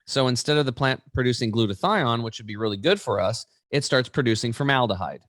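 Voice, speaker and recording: A man's voice: mid-range voice, no echo. Emphatic man in his forties, dry sound. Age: 40s. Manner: animated, emphatic storytelling. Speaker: guest. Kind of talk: interview.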